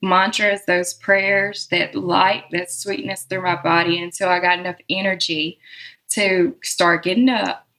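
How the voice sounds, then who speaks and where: Slow-speaking Southern woman, reflective. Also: fairly low pitch, little pitch movement, bright, forceful tone, poor audio. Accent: Southern American. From Southern United States. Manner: reflective, unhurried, laughs often. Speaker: guest musician. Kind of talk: relaxed interview conversation.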